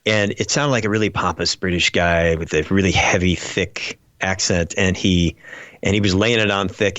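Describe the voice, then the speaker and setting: A deep-voiced man, appearing as a podcast guest, rambles through a casual chat at normal speed. His tone is fairly bright, and his speech is full of fillers and restarts. The recording is dry.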